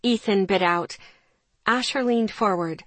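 Female audiobook narrator, first person, tense and hushed, mid pitch, dry booth sound. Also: unhurried, no room sound.

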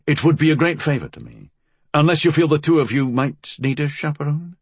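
A brooding middle-aged shopkeeper, read by a male narrator who talks in short, curt lines, a shade higher than the narration around him. The voice is husky and sits close and dry in the recording. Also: brisk, dry recording. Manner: curt and clipped.

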